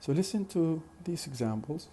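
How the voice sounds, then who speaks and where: A man teaching a phonetics lesson in a slow, deliberate way, repeating example questions. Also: on the high side, expressive, mellow, slight background noise. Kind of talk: recorded lecture.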